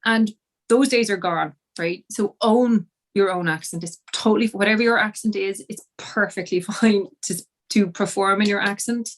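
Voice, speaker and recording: A woman's voice: medium pitch, normal speed. A woman from Ireland with an Irish accent, an acting coach talking casually and laughing often over a video call. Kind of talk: casual conversation.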